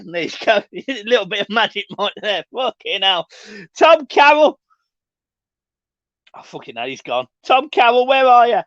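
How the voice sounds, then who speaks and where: A young man hosts a fan livestream, reading chat comments with sweary, laddish humour. His voice sits fairly high. The sound is dry and a little muffled. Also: fairly bright tone, no echo. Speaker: fan channel host reading live chat.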